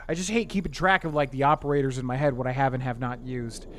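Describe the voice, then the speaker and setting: Brisk and steady in tone, this man has a mid-range, fairly bright voice. He gives casual let's-play commentary on a game stream, muttering calculations aloud and grumbling in a half-joking manner.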